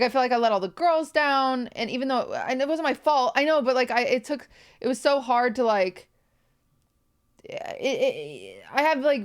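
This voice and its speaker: A woman's voice: on the high side, clear, resonant tone. A young woman streamer talking to her viewers on a livestream, tearful, rambling and apologetic. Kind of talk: emotional livestream talk.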